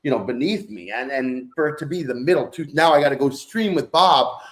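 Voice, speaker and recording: A man's voice: mid-range voice, animated, fairly quick, fairly bright tone. A man co-hosting a podcast, casually telling a self-deprecating story with frequent swearing. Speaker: podcast co-host. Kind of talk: casual chat.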